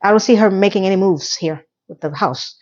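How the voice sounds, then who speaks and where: A woman talking through a TV episode in a loose, sarcastic, chatty way, now and then cursing and laughing at the characters. Her voice sits at a middling pitch. The audio is slightly muffled and lo-fi. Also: a little fast, darkish tone. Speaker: TV recap vlogger. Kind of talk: casual recap monologue.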